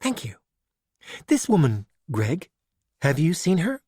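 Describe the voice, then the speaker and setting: A man's voice: fairly high pitch, huge pitch swings, slow, dark tone, slightly rough, no room sound, studio quality, voice pushed up, heavily acted. A man voicing a spirited teenage Irish girl detective, insistent and wry. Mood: irritated.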